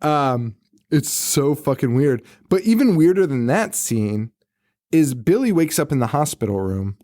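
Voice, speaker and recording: A man's voice: on the high side, measured pace, dry recording, studio quality. A man co-hosting a podcast, recapping a horror movie in casual chat, swearing freely and acting out the characters' lines. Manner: profane, animated, acts out quoted characters. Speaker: podcast co-host.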